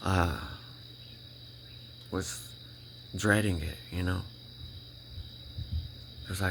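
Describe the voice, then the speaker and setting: A man's voice: low voice, fairly even intonation, vocal fry, background noise. A man telling his personal faith story in a casual, emphatic way. He repeats himself, restarts his sentences and keeps checking in with "right?" and "you know?". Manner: halting restarts when emotional. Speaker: vlogger sharing a personal faith testimony. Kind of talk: casual spoken testimony.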